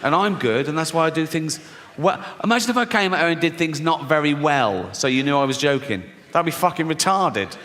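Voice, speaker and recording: Wry English comedian in a big hall. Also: male voice, a little high, expressive, brisk, hardly any pauses, a crowd in the background. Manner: wry, conversational storytelling with dark punchlines. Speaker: stand-up comedian. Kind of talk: stand-up comedy. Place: large theatre stage. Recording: hall reverb, faint noise.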